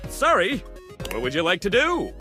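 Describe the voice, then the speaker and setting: A man voicing a warm, affectionate male shopkeeper who is also a father, in a video game. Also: high-pitched, huge pitch swings, moderate pace, music in the background. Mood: upbeat.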